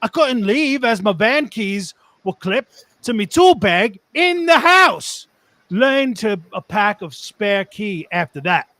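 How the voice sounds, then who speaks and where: A man doing a rough Cockney tradesman telling a mishap from a job, slurring "my" into "me". The voice sits high for a man. The sound is dry and close. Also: big pitch swings, takes it slowly, bright, forceful tone, no room sound, heavily acted. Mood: storytelling. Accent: put-on Cockney. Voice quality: dropped words, "me" for "my". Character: gruff working-class male heating tradesman. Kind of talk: dramatic reading of a forum post.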